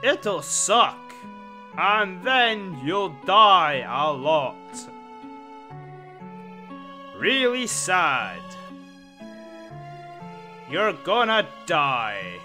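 A man voicing a flamboyant male robot game-show host with a melodramatic, drawn-out sarcastic delivery. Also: on the high side, big pitch swings, bright, forceful tone, faint music behind, pitched below the performer's own voice, exaggerated voice. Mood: mock-tragic.

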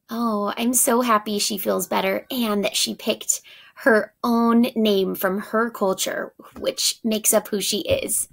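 Slow, gravelly woman teacher reading aloud. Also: mid-range voice, fairly even intonation. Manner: pauses to ask prediction questions, warm asides. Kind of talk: read-aloud for children.

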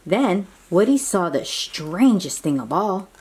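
Animated woman reading a children's book. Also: fairly low pitch, slow pace, husky. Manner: warm, animated, asks listeners questions. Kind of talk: children's read-aloud.

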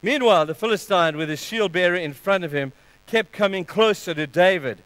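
A man preaching a sermon, telling stories in an earnest, animated way. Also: sits high, fairly quick, smooth, no echo, low-quality recording. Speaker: pastor.

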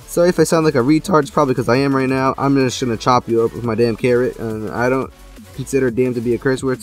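A young man giving gameplay commentary, excitable, jumping from loud outbursts to low mumbling. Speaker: gaming YouTuber.

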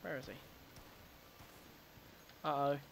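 Chatty young gamer man, slightly high voice. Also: fairly even intonation, slow, creaky, slight background noise, rough recording. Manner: chatty, jokey, swears, talks to game characters. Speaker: gaming video host. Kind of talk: casual gameplay commentary. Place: home recording setup.

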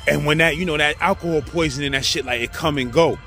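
High-voiced New York man telling stories. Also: fast, faint music behind. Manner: animated, slangy, acts out the people in his story. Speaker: storyteller host. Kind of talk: casual prison storytelling.

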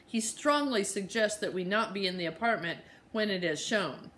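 A woman's voice: medium pitch, normal speed, a bit bright, slight background noise, natural voice. A woman reading as an exasperated, terse mother. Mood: weary. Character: frazzled, sharp-tongued mother on a phone call.

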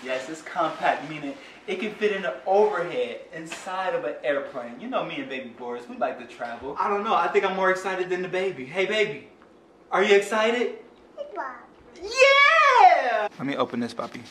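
This young father's voice is a little high and fairly bright, with lively intonation and a fairly quick delivery. Excited and playful, he reviews a product in an unboxing vlog, talking right to viewers, recorded on a phone camera from a distance with roomy sound, faint ambience, and slight background noise.

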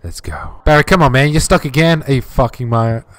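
A man's voice: mid-range voice, fairly quick, no room sound. Man, let's play host, horror game commentary, jokey, swears, chats to game objects.

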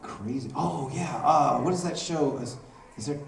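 A man in his forties, a voice actor guest telling jokey, animated stories at a convention panel Q&A. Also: a little high, unhurried, creaky. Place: large convention panel room. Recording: echoey hall from far off with crowd. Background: audience laughing and murmuring.

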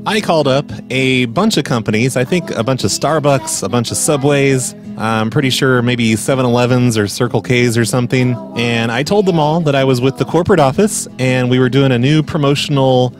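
A man's voice: medium pitch, brisk, few pauses, music in the background. A man hosting a prank call show, introducing calls in a wry, amused, rambling way. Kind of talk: casual podcast narration.

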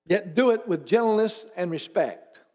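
A man's voice: sits high, expressive, normal speed, mellow. A man pastor preaching a conversational sermon in church, asking the congregation rhetorical questions and dropping teasing asides.

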